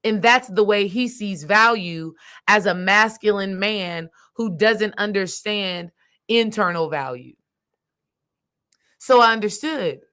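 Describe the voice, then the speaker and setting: A woman with a bright, forceful voice tells a personal story in a relaxed monologue. She talks straight to her listeners with emphasis and acts out the dialogue as she goes. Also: medium pitch, slow, smooth. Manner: animated, acts out quoted dialogue; emphatic, addresses listeners directly. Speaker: spiritual coach.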